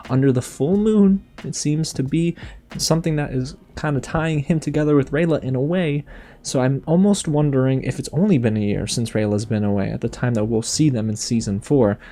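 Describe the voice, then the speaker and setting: A man's voice: medium pitch, warm tone. A man hosting a fan reaction video, talking emotionally and addressing his viewers directly.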